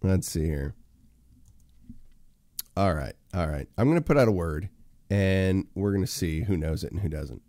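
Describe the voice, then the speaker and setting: A man's voice: low-pitched, lively intonation, moderate pace, long pauses, warm tone, dry recording. A man hosting a casual solo livestream, rambling with many fillers and talking to his chat viewers. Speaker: livestream host.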